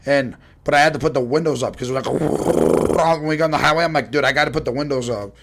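A man's voice: medium pitch, fast, fairly bright tone. Young new guy telling wild stories, cusses nonstop, does all the voices. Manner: swears constantly, acts out voices in stories. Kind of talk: casual storytelling.

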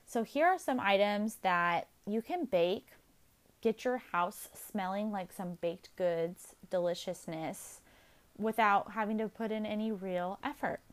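A young adult woman chats alone on her podcast, rambling quickly from one thing to the next. She talks fast, pokes fun at herself, and keeps an easy, casual tone throughout. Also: medium pitch. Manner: chatty, fast-talking, self-deprecating. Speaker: podcast host. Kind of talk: casual solo podcast chat.

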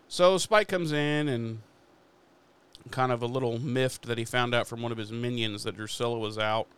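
Smooth-voiced man recapping casually. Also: medium pitch, normal speed, fairly bright tone. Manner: swears freely while retelling episode scenes. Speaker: podcast host.

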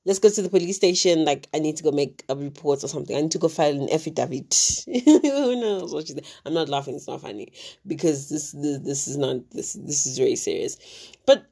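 A woman's voice: deep voice, brisk, mellow, slightly rough. A woman from Africa, casually retelling a true crime story with many fillers and asides.

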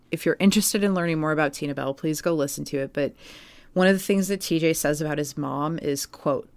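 Low voiced woman, chatty podcast storytelling, lots of filler words, dry close sound. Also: a little mellow, clean tone, dry recording. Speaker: podcast co-host. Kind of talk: casual podcast chat.

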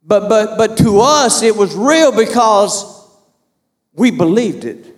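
Male preacher, 50s, high-pitched, fervent and repetitive, in a reverberant sanctuary. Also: animated, slow. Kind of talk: sermon.

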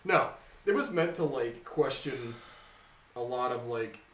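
Animated, swearing young man, off mic. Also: medium pitch, a little slow, distant mic. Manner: animated storyteller, heavy swearing, laughs often. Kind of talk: casual chat. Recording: roomy sound from off mic.

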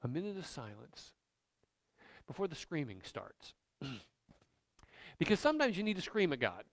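High, animated male pastor preaching. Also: normal speed. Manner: animated, emphatic, conversational preaching. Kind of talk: sermon.

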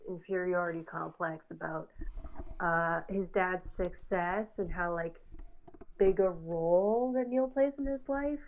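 A woman's voice: on the low side, a little slow. A woman co-hosting a casual podcast, talking in a rambling, opinionated way with lots of fillers. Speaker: podcast co-host. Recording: tinny phone-like line.

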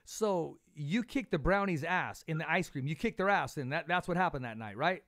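Animated, lively podcast host man. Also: a little high, normal speed. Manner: animated storyteller, repeats words, laughs often. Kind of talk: casual interview chat.

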